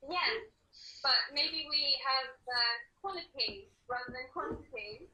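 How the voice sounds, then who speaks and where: A woman's voice: sits high, lively intonation, unhurried, sharp tone. A woman from the United Kingdom, a guest host on a casual group video chat, polite and reserved. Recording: echoey room with crowd noise.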